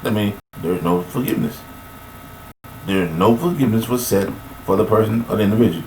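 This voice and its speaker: A man giving a rambling, preachy monologue about forgiveness, recorded on a webcam, with sudden high-pitched bursts of emphasis. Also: expressive, brisk, darkish tone, reverberant, a little hiss or hum, low-quality recording.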